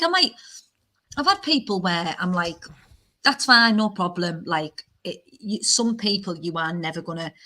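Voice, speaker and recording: A woman with a British accent, an insurance broker, chatting casually in a frank, animated way, her voice jumping up when she stresses a point. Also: fairly low pitch. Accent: British English. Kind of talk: casual podcast chat.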